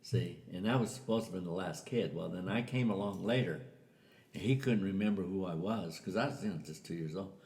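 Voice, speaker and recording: An older man with a very low, gravelly voice tells a family story in a relaxed, chatty way. He slips into the voices of the people he quotes. The recording carries a noticeable room echo. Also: a little fast. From US Southwest. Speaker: interviewee telling a family story. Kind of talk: casual storytelling. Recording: echoey room.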